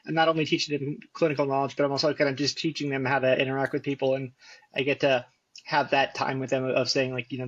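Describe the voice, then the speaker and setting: A man's voice: mid-range voice, vocal fry, a bit bright, husky, no echo. A man guest who teaches pediatric residents, talking earnestly in casual chat and rambling a bit. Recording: dull lo-fi sound.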